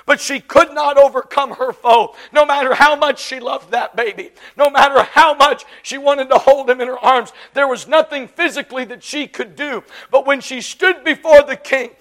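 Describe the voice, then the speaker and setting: A woman preaching a sermon, impassioned and emphatic, swinging from loud declarations to hushed lines. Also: high voice, steady tone, normal speed, few pauses.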